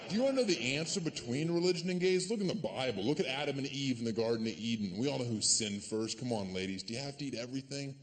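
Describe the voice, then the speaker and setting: A man performing a stand-up comedy set on a stage, sarcastic and deadpan, with sudden loud put-on voices. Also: mid-range voice, fast talker, few pauses, big-room sound. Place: comedy stage before a live audience. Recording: live stage recording with audience noise.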